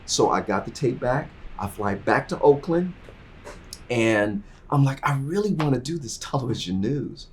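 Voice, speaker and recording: A middle-aged man telling his career story in an interview, acting out the people in it and swinging from quiet asides to loud, excited bursts. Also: normal speed, a little hiss or hum. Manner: animated, acts out dialogue, swings from low asides to loud bursts. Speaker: interview guest.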